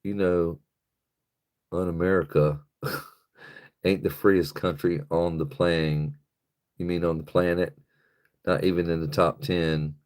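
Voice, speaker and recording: Deep-voiced man rambling on a live stream. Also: flat delivery, slow pace, pauses often, a little mellow. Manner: rambling, swears freely, loose storytelling. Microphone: phone on a stick.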